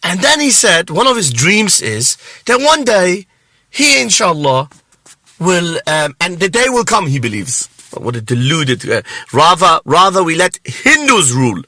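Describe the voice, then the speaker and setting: A man's voice: sits high, very animated, a little slow, sharp tone, dry recording. A man hosting a religious reaction show, giving scornful commentary and laughing mockingly between remarks.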